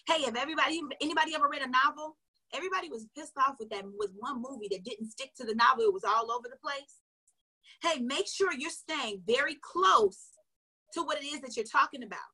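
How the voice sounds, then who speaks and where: A woman's voice: high voice, bright, forceful tone. A woman sales coach giving casual, emphatic advice straight to her viewers, chatty and often laughing. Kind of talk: casual motivational coaching talk. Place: recorded for an online video.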